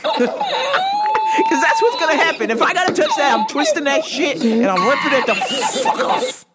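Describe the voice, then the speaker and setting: A woman hosting a podcast, telling a comedic story in a loud, profane way and laughing often. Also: very high voice, wildly swooping pitch, normal speed, loud music behind the voice. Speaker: podcast host.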